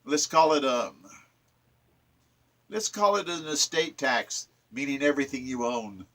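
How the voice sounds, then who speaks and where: Fiery, sharp-voiced ranting man. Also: mid-range voice, unhurried. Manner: ranting, preachy, emphatic. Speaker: poet reciting and explaining his sonnets. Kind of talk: impassioned political commentary.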